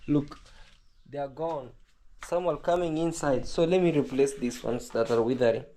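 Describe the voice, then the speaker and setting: Kenyan male vlogger, mid-pitched, slow and wistful, chats to viewers. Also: darkish tone. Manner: rambling, wistful, talks to viewers. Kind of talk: casual talk to camera.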